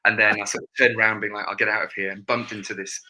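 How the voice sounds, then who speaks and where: A football commentator telling a self-deprecating story in casual chat. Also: male voice, on the low side, level tone, rapid-fire, pushed and bright, low-quality recording.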